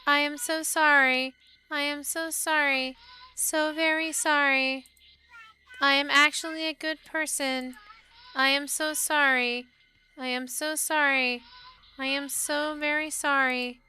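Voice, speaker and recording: A woman voicing a haunted antique doll in a video game, repeating apologies in a high, childlike, robotic monotone. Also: full character voice. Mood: eerie, repetitive. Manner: slow, mechanical repetition.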